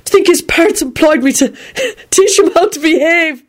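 A woman voicing a kindly, nervous man who speaks gently and stammers. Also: very high voice, expressive, normal speed, pitched above the performer's own voice. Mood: gentle. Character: kindly nervous man, well-meaning teacher.

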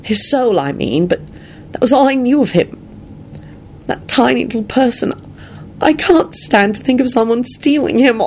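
Brief: anxious young witch, high strained voice with some fry, read by a woman. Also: a little fast, few pauses, darkish tone, a little hiss or hum. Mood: tearful.

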